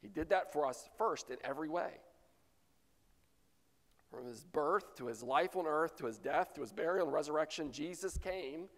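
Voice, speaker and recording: Gravelly high-voiced pastor in echoing church. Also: male voice, animated, normal speed. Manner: preaching with sharp swings between loud rhetorical questions and near-whispered lines. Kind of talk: sermon. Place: church sanctuary. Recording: long reverb of a church sanctuary.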